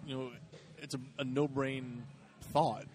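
A male co-host on a casual podcast who argues his case in a flat, level voice at middle pitch. He sticks to his points without much rise and fall. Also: unhurried. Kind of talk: casual chat.

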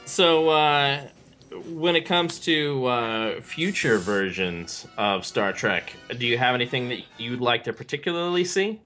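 A man hosting a podcast interview, asking halting questions full of fillers. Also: medium pitch, big pitch swings, pushed and bright, soft background music. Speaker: podcast host.

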